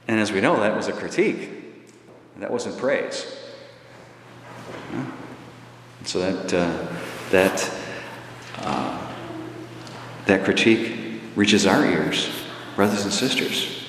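A man's voice: fairly low pitch, lively intonation, takes it slowly, pauses often, fairly bright tone. A man preaching a sermon in a large church, his voice swelling into emphatic runs and dropping back with filler uhs. The room is echoey with a long reverb tail. A faint hum of ambience sits underneath. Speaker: priest.

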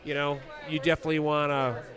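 A man's voice: on the high side, level tone, fast talker, fairly bright tone. A man who coaches skiing, talking practically and encouragingly in an outdoor interview. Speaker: ski coach and exam selector.

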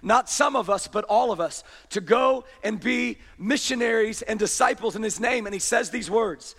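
A man preaching a sermon with passion, rising to shouts and dropping to hushed, intense lines. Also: very high-pitched, expressive, fairly quick, vocal fry, few pauses. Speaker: pastor. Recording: long hall reverb.

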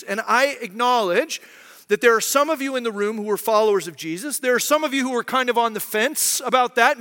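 Male pastor, thirties, high bright delivery, chatty sermon, church hall reverb. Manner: conversational, keeps asking "right?"; acts out quoted voices.

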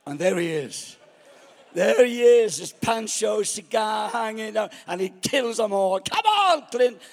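A man's voice: sits high, a little slow, creaky, a little mellow, long reverb tail. A man preaching a storytelling sermon, acting out his own past thoughts.

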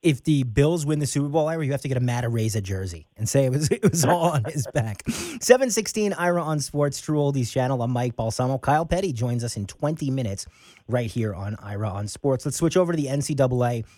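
A man co-hosting sports radio, upbeat and animated as he moves the show along. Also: mid-range voice, quick pace, dry recording, clean studio sound.

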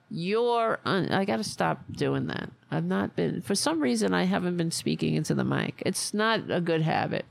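A woman's voice: lowish voice, expressive, normal speed, vocal fry, few pauses, no room sound. Sarcastic, profane New York woman host. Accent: Staten Island New York. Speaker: podcast host. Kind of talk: profane political commentary.

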